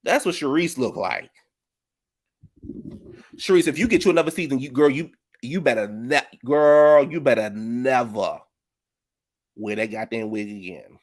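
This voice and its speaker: A man's voice: mid-range voice, animated, unhurried, long pauses. A man giving a sassy reality TV reunion recap, flamboyant, shady and theatrical. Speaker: reality TV commentator.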